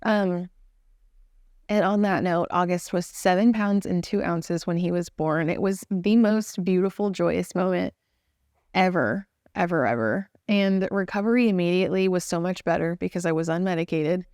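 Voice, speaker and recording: A woman's voice: lowish voice, steady tone, normal speed, darkish tone, smooth, dry recording, clean studio sound. A young woman with a Texan accent telling her own story in a casual, earnest, chatty way with fillers. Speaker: new mother telling her birth story.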